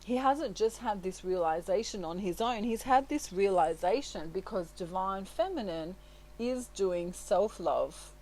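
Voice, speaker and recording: This woman, a tarot reader, speaks unhurriedly in a middle pitch, giving a casual spoken reading that feels like an easygoing one-on-one conversation. Reassuring and quick to laugh, she keeps leaning on check-in tags such as "right?" and "you know." The recording quality is poor.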